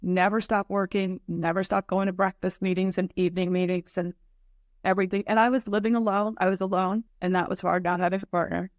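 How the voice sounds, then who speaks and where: A middle-aged woman speaks as a podcast guest in an earnest, open way. She keeps breaking into quick acted-out versions of her own past reactions. Her voice sits in an ordinary middle range and sounds close and dry, with no room around it. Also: medium pitch, steady tone, dry recording. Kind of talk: candid personal storytelling.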